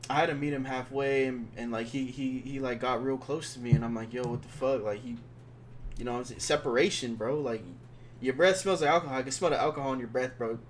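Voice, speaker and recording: A young man telling a rambling, slang-filled story in a casual monologue, dropping to a hush when he quotes his friend. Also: medium pitch, fairly quick, a little hiss or hum. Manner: slangy, rambling, drops to hushed tones when quoting.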